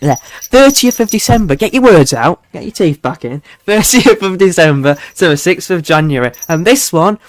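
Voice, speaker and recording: A man's voice: a little high, lively intonation, moderate pace, few pauses, dry recording. A young man hosting a casual livestream weather forecast, chatty and self-mocking, chuckling often as he talks to his viewers.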